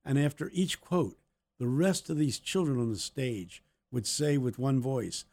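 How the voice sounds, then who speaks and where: A man's voice: medium pitch, measured pace, gravelly, a little mellow. A man co-hosting a podcast, telling anecdotes in a casual faith discussion. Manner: anecdotal storyteller. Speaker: podcast co-host.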